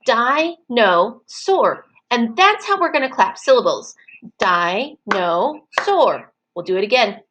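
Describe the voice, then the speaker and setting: A woman teaching preschool children in an online circle time, slow and encouraging, stretching words out so the children can clap the syllables. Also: fairly high pitch, very animated, fairly bright tone, slight background noise, poor audio.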